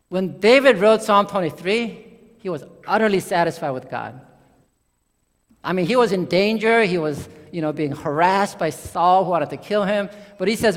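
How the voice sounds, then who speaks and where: A man preaching a sermon as pastor, talking conversationally, climbing into excited bursts and then sinking low and quiet. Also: normal speed, long reverb tail.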